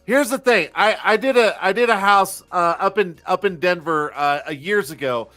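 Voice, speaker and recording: A man's voice: high-pitched, normal speed, bright, forceful tone, soft background music. A man in his forties hosting a live stream, rambling and swearing freely in casual chat. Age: 40s. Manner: profane, rambling, self-mocking. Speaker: host.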